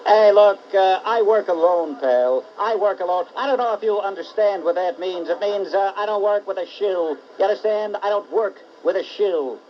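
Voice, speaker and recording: A man's voice: sits high, normal speed, few pauses, slight background noise. A man doing a comic radio bit, brash and mocking, needling with repeated jabs. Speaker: comedian guest. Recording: dull lo-fi talk radio recording.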